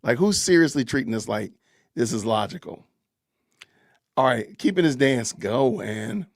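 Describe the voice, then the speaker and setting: Man with a gravelly, lively voice. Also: mid-range voice, unhurried, dry recording, clean studio sound. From Southern United States. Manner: chatty, reads out viewer comments and thanks donors, repeats phrases. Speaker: podcast host. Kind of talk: casual live-stream commentary.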